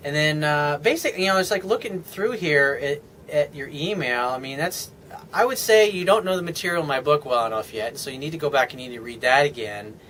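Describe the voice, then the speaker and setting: Dating coach guy rambling on camera, kinda high voice, blunt, lots of i mean and you know. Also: fairly quick, fairly bright tone, slight background noise. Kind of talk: casual video monologue.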